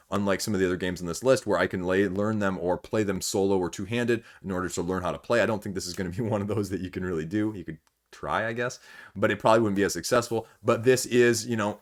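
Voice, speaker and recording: Host, male, Michigan Midwestern accent, lowish voice, rambling and thinking out loud to camera. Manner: rambling, thinking aloud with many fillers. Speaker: board game channel host. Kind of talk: casual talk to camera.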